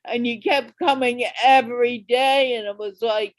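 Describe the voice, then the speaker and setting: A woman's voice: fairly high pitch, fairly even intonation, measured pace, few pauses, no room sound, low-quality recording. A woman hosting an English conversation show on a video call, coaching a learner in an emphatic way and repeating words for stress. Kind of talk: encouraging casual chat.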